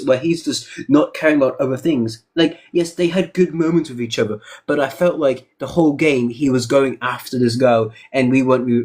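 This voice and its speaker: A man's voice: medium pitch, a little mellow, slightly rough. Opinionated man ranting casually. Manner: opinionated, emphatic, many "you know" asides. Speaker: podcast co-host. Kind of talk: casual podcast chat.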